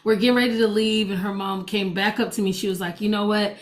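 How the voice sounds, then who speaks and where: A woman's voice: mid-range voice, steady tone, quick pace. Chatty woman preacher telling a story. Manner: chatty storytelling that acts out quoted dialogue. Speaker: preacher and gospel DJ. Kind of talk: personal testimony told to an audience.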